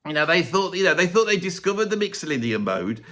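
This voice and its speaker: English bloke in his fifties having a sarcastic rant, fairly high voice. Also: sing-song, quick pace, bright, forceful tone. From Britain. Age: 50s. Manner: sarcastic, ranting. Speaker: music YouTuber. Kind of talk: opinionated ranking video.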